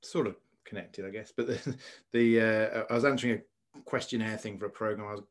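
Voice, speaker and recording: A man's voice: fairly low pitch, fairly even intonation, brisk. Thoughtful man host, searching for words. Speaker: podcast host. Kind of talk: casual conversation.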